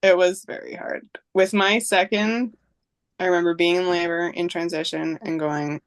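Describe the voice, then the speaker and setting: This is a woman in her thirties talking as a podcast guest. Her voice sits on the low side and sounds dry and close, with no room around it. She tells her story casually, full of fillers, and acts out what people said. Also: fairly even intonation, normal speed, smooth, dry recording. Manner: storytelling, reenacting dialogue, many fillers.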